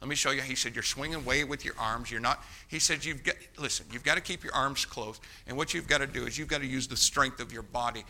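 A man preaching a sermon, telling a folksy story and then urging young people on, shifting from quiet asides to loud exhortation. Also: mid-range voice, quick pace, few pauses, a little hiss or hum.

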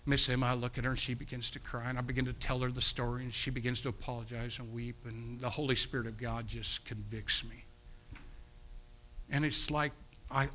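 A man preaching, telling a personal story in a sermon, earnest and pleading, his voice swinging from loud to hushed. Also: medium pitch. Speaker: pastor.

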